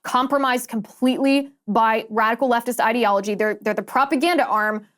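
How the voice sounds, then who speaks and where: Woman host doing a fired-up commentary monologue, kinda high voice, hammers her points. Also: a little fast, fairly bright tone. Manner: emphatic, repetitive for effect.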